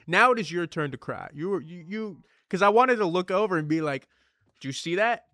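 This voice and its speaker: A man streaming a survival game, chatting casually in an animated, rambling, slangy way. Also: high voice, normal speed, dry recording. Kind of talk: casual gaming commentary.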